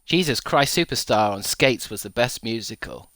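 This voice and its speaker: A man's voice: mid-range voice, animated, moderate pace, a bit bright, dry recording. A man in his thirties, a streamer chatting casually and rambling through profane jokes, often laughing at his own gags. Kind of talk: casual chat to a live stream.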